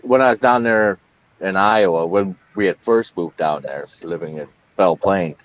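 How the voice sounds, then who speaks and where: Deep-voiced guy reminiscing, muffled audio with a little hiss. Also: normal speed. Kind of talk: casual chat.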